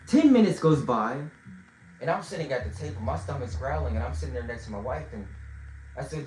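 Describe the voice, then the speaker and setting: Animated man telling a story. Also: fairly quick, a little hiss or hum. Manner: animated, swings from loud to low and muttering. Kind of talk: casual storytelling. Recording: roomy echo.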